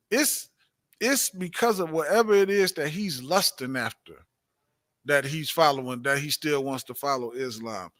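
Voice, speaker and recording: A man's voice: sits high, pushed and bright. A man teaching a religious class, preaching emphatically, repeating his points and asking rhetorical questions. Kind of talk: preaching-style class talk.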